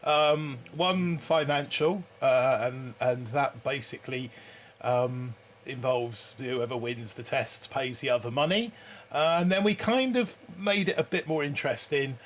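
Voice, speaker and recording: A man's voice: medium pitch, unhurried, fairly bright tone, slight background noise. A man co-hosting a live stream, telling a story in casual chat and chuckling often. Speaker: stream co-host.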